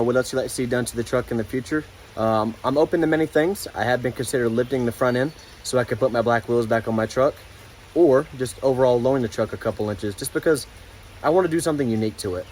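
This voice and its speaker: A man closing out his car vlog in a relaxed, rambling way, with lots of fillers and restarts. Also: medium pitch, a little hiss or hum. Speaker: car vlogger. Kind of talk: casual vlog outro.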